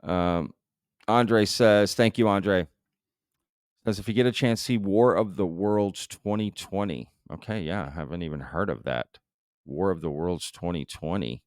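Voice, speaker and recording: A man with a very low, smooth and resonant voice chats casually on a live stream. He talks loosely, with plenty of fillers. The sound is close and dry. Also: unhurried, no echo. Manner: loose and conversational, full of fillers. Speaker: show host. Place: home live-stream setup.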